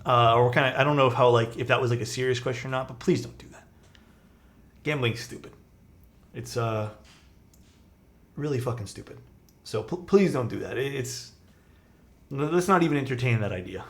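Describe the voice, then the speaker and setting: A man's voice: medium pitch, normal speed, long pauses, a bit bright. A young man chatting casually with his live-stream chat while building a keyboard, laid-back and self-deprecating, reading messages aloud.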